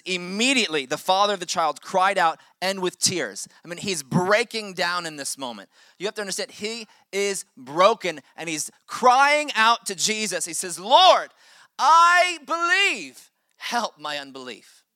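A man's voice: on the high side, bright, forceful tone, no echo, studio quality. A man preaching a sermon as pastor, with impassioned delivery that swells and drops for emphasis.

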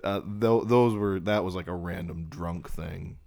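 A man's voice: sits low, measured pace, vocal fry, darkish tone. A man co-hosting a podcast, telling a long story in casual late-night chat, swearing freely and laughing through it. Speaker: podcast co-host.

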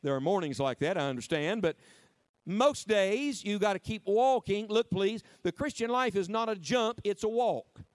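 A middle-aged man preaches with a high, ringing voice, drawing the crowd into call-and-response. He stretches key words out slowly for emphasis. The sound is dry and close, with little room echo. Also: lively intonation. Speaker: preacher at a camp meeting. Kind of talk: lively interactive sermon.

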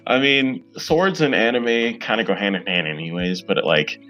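A man's voice: fairly low pitch, moderate pace, sharp tone, faint music behind. A man in his twenties, a guest on a podcast, chatting casually and eagerly with lots of fillers. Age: 20s. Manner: rambling and eager, many fillers. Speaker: podcast guest, comic creator.

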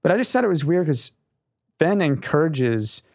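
Lively rambling male co-host. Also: a little high, moderate pace. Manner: rambling, laughing, many fillers. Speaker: podcast co-host. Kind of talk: casual chat.

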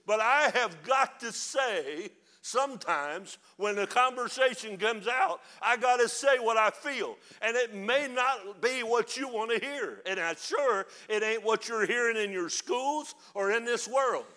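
An older man preaching with fire in a high, ringing voice. His delivery is bright and forceful, swinging from low, muttered asides to loud, shouted declarations. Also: a little slow, hardly any pauses. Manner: fiery, preaching with rising shouts. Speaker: pastor. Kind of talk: sermon.

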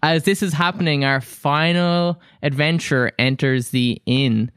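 A man's voice: on the high side, unhurried, a bit bright, clear, resonant tone, no echo, studio quality. A man narrating a tabletop game as game master, in an easygoing, casual way.

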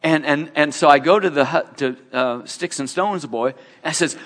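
A man's voice: mid-range voice, lively intonation, moderate pace, hardly any pauses, fairly bright tone. A man preaching in a conversational storytelling way, acting out the people in his story. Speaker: preacher sharing a testimony. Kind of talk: sermon storytelling. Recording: long hall reverb.

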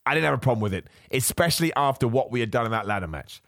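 A man hosting a podcast, ranting in animated casual chat, laughing often and nursing a cough. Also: medium pitch, rapid-fire, gravelly, dry recording, studio quality. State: has a cough. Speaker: podcast host.

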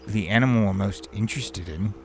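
A man's voice: lowish voice, a little mellow. A man hosting a casual solo podcast, rambling, laughing often and swearing casually. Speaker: podcast host, aspiring voice actor.

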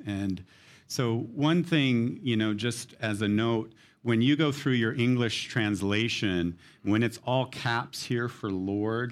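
A man preaching a sermon, explaining a psalm in an earnest teaching manner. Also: on the low side. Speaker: pastor.

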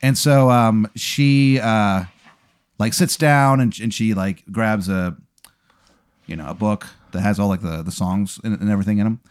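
A man's voice: lowish voice, normal speed. A man running an improvised comedic story as game master, rambling through fillers and restarts.

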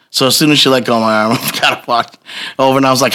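A man telling a long personal story in casual chat, profane and animated, laughing as he goes. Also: medium pitch, quick pace, clean tone.

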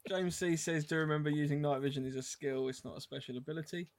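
A man's voice: on the high side, fairly even intonation, fast, no room sound. A man co-hosting a podcast, reading listener comments aloud in a casual, self-deprecating way. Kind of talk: casual chat.

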